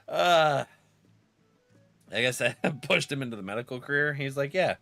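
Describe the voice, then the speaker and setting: Guy streaming a game with a cold, laughs a lot, voice all over the place, soft music in the back. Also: mid-range voice, animated, a little slow, long pauses, no echo. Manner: laughs often, acts out friends' lines in a raised voice. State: has a cold. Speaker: gaming streamer. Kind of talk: casual stream chat.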